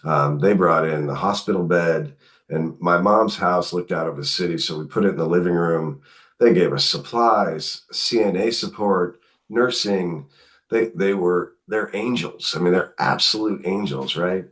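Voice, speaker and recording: Deep-voiced man telling a family story. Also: moderate pace. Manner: animated, acts out quotes in his telling. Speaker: guest author. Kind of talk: conversational storytelling.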